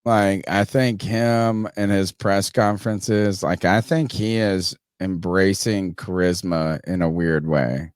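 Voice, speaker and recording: A man hosting a sports podcast, talking casually, animated and profane, joking with co-hosts. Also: low voice, slow, hardly any pauses, smooth, no room sound, clean studio sound. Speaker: podcast host.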